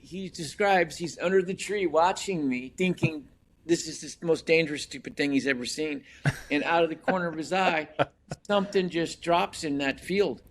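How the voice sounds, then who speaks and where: A man from Colorado, a guest novelist, telling a hunting story on a podcast in an animated, laughing way with many restarts. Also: on the high side.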